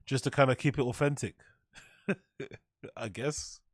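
A man's voice: medium pitch, steady tone, takes it slowly, noisy background. A man reacting to a cooking video in casual, mocking commentary, sarcastic and profane and laughing at his own jokes.

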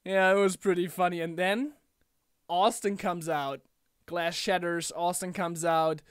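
A young man ranting casually about a wrestling event in a home vlog, animated and chatty, often slipping into impressions of the people he talks about. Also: sits high, a little slow, clean tone, no room sound, clean studio sound. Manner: animated, mimics wrestlers in quotes. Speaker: wrestling fan vlogger.

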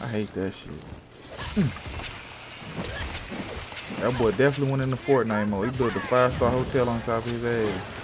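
A man's voice: medium pitch, moderate pace, long pauses, very noisy. A man giving casual gameplay commentary, full of profane, slangy trash talk aimed at the game. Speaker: gamer. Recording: game sounds loud behind the voice.

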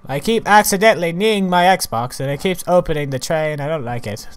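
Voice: medium pitch, brisk, clear, resonant tone. A gamer giving casual, rambling commentary while playing, chatting to the animals and mobs along the way. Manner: chatty, fumbling restarts.

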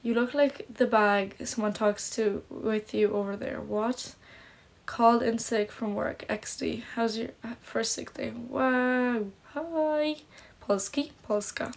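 A woman's voice: mid-range voice, level tone, unhurried, creaky. A young woman with Polish parents who lives in Ireland, chatting casually on a phone livestream, reading comments and fretting with lots of "like". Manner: chatty, self-conscious, lots of "like". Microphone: phone camera.

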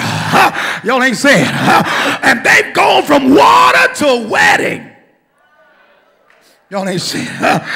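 A man preaching a sermon, calling for congregation responses and filling pauses with "uh". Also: extremely high pitch, creaky, bright, forceful tone, slightly rough. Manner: preaching with call-and-response, frequent "uh" between phrases. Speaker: pastor.

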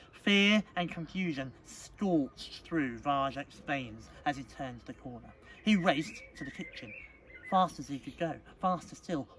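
Expressive man reading a storybook, distant mic. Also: medium pitch. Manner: expressive, dramatic read-aloud. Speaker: teacher. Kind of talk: storybook reading at a school assembly. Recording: distant mic, faint background noise.

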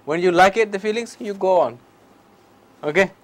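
A man's voice: high-pitched, normal speed, rough recording. A man giving a public talk on meditation in simple, broken English, with short repeated phrases and direct questions to his listeners. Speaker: meditation teacher.

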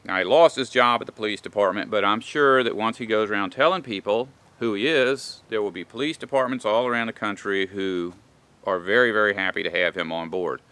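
A man's voice: on the low side, a little fast, pushed and bright. A man giving an opinionated vlog monologue, rambling and indignant, with lots of "you know.". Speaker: vlogger.

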